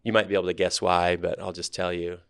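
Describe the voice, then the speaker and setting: A man in his thirties, a startup CEO guest on a podcast interview, telling his story in a relaxed, candid, thoughtful way. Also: low-pitched, quick pace, clean tone, no echo, clean studio sound.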